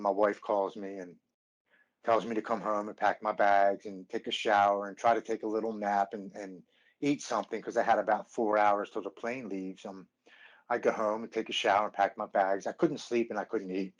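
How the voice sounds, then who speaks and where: A man's voice: on the low side, flat delivery. A man in his thirties, a podcast guest, telling his recovery story earnestly, stopping and restarting often. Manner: earnest, halting with many restarts. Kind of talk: personal recovery story, casual chat.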